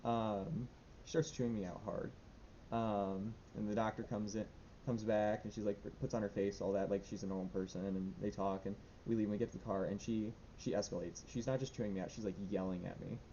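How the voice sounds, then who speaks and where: Anxious young man, rambling diary vlog, mellow lowish voice, lo-fi recording with faint rumble. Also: fairly even intonation, a little fast. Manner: rambling, nervous, lots of fillers and restarts. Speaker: vlogger.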